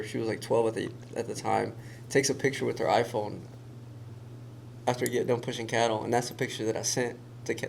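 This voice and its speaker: Male guest, gravelly tone, animated storyteller, quiet background hiss. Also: medium pitch. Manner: animated storyteller who acts out quoted voices. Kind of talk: casual storytelling.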